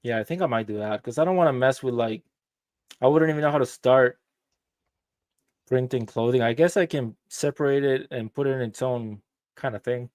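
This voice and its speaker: A man guesting on a casual chat, talking about toys in a laid-back, enthusiastic way and thinking out loud. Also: mid-range voice, a little fast, no room sound.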